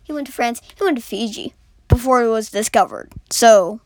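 A woman's voice: a little high, normal speed, darkish tone, slight background noise. A woman improvising a story as a storyteller, rambling with many fillers and restarts.

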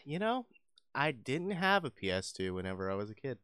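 A man's voice: mid-range voice, sing-song, brisk, fairly bright tone, clean tone, dry recording, clean studio sound. A young man co-hosting a casual gaming chat, reacting easily and swearing now and then. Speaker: podcast co-host.

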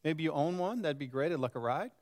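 A pastor in his sixties preaches in a lively, conversational way. He often turns to the congregation with questions. His voice sits a little high for a man. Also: fast. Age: 60s. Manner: lively and animated. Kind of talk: sermon.

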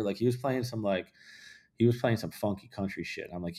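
A man with a fairly low voice tells loose, profane stories in a relaxed podcast chat. He rambles with plenty of fillers and restarts. He drops into hushed asides, then jumps into loud, excited bursts. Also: brisk. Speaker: podcast guest, videographer. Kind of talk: casual storytelling chat.

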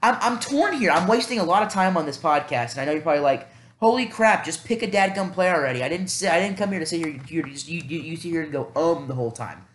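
A man's voice: a little high, animated, fast talker, few pauses, reverberant, a little hiss or hum. A man hosting a casual solo podcast, thinking aloud in a rambling, self-deprecating way with many fillers. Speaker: podcast host.

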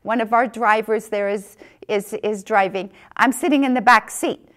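A middle-aged woman telling a personal missionary story, acting out the dialogue with big jumps in pitch. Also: moderate pace, fairly bright tone.

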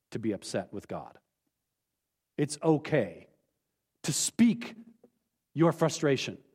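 Brief: male pastor, high animated delivery, earnest and blunt, echoey sanctuary. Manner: earnest, candid, emphatic, with sudden drops to quiet. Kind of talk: sermon. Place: church sanctuary.

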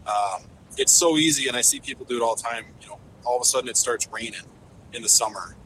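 A man talks as a guest on a casual podcast, a fishing guide with an eager, rambling delivery. He starts over often and fills the gaps with ums and you-knows. His voice sits in an ordinary middle pitch. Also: fast, bright, forceful tone, slight background noise, rough recording. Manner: enthusiastic, rambling with many fillers.

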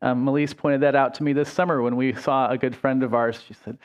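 A middle-aged man, a pastor, preaching a conversational sermon in a casual, chatty way, full of ums and quick self-corrections. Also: mid-range voice, steady tone.

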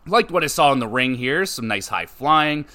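A man hosting a podcast, giving an offhand, conversational recap of a wrestling show with quick verdicts. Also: mid-range voice, lively intonation, sharp tone. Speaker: podcast host.

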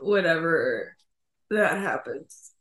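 A woman's voice: low-pitched, animated, slow pace, a bit bright. Woman in a roomy echo, wry. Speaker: podcast co-host. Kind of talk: casual chat.

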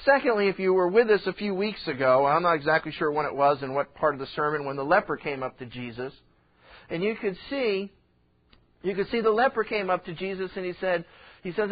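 A male pastor preaches in a loose, conversational way and slips into the voices of the people he describes. His voice sits high for a man. The sound is muffled and lo-fi, like an old radio broadcast. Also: a little fast. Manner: conversational, acts out quoted voices. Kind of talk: sermon.

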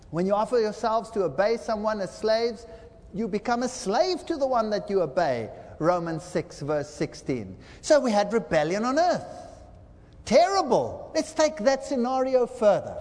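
A man's voice: sits high, darkish tone, long reverb tail. A man preaching a sermon lecture, telling a dramatic parable and acting out the quoted lines. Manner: dramatic storytelling with acted-out quotes.

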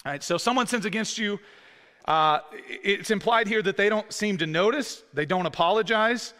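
A man's voice: high-pitched, normal speed, sharp tone. A man in his thirties, a pastor preaching a sermon in a casual, conversational way, with many fillers and restarts. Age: 30s. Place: church sanctuary with long reverb. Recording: echoey hall reverb.

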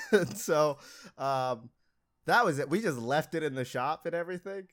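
A man's voice: fairly high pitch, unhurried. A young man casually telling a long story about a mishap at his auto shop job, rambling, laughing and mocking himself.

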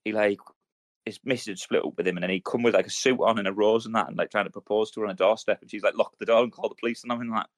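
A man's voice: on the low side, steady tone, dry recording. A man in his thirties, co-hosting a podcast, telling rambling, slang-heavy stories full of swearing. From United Kingdom. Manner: rapid, rambling storytelling with lots of swearing and military slang. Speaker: podcast co-host. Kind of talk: casual chat.

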